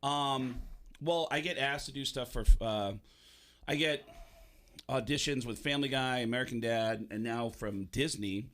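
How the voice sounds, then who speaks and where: A man who does voice work, chatting on a radio show and telling stories with lively energy. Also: mid-range voice, a little slow. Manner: animated storyteller who acts out voices in quotes. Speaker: guest voice actor. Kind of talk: casual radio talk, storytelling.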